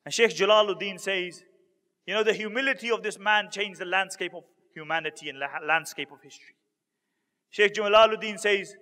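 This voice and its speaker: A man's voice: sits high, moderate pace, sharp tone. A man preaching a storytelling sermon to a live audience, acting out the words of the people in his stories. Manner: dramatic storyteller acting out quoted speakers. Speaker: Islamic preacher. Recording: long hall reverb.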